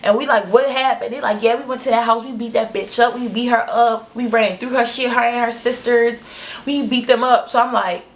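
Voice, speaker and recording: Animated, profane young woman storyteller. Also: fairly quick. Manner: animated, profane, acts out quotes in high shrieks. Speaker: vlogger. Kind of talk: storytime vlog.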